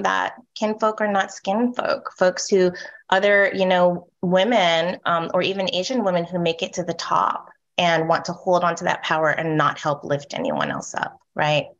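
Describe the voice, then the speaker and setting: Soft-spoken woman with a rising lilt. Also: on the low side, gravelly, muffled recording. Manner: frequent "um" and "right?" check-ins. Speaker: panel moderator. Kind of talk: panel discussion.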